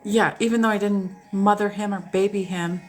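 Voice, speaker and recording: A woman tells personal stories to her live viewers in a candid, animated way, and she swears freely. Her pitch sits in a typical middle range. Faint music plays quietly behind her. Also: moderate pace. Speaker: host. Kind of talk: casual storytelling chat to a live audience.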